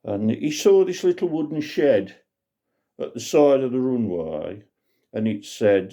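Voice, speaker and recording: A man's voice: mid-range voice, animated, a little slow, mellow. A man telling a comic folk tale in a chatty, rambling way. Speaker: storyteller. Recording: dull lo-fi recording.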